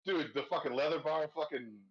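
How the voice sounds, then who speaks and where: A man's voice: fairly high pitch, fairly quick, lo-fi sound, a crowd in the background. Rambling, profane man talking movies. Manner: profane, rambling, laughs a lot. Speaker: podcast host. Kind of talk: casual movie discussion.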